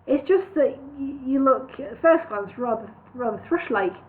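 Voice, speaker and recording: A woman's voice: sits high, animated, moderate pace. A woman voicing a polite, hesitant small male hero in a storybook reading. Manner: hesitant, civil, stumbling. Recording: tinny phone-like sound.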